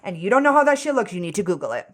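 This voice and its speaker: A woman's voice: mid-range voice, sing-song, racing. A woman in her twenties co-hosting a podcast, talking bluntly and casually with frequent swearing. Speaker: podcast co-host. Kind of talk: casual chat.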